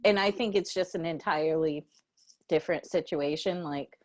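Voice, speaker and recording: A woman with a fairly low voice, chatting casually as a podcast co-host. She tells stories in an animated, slangy way. When she quotes her own reactions, her voice leaps up high. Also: moderate pace. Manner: animated storytelling, slangy, jumps to high excited pitch when quoting herself. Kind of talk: casual chat.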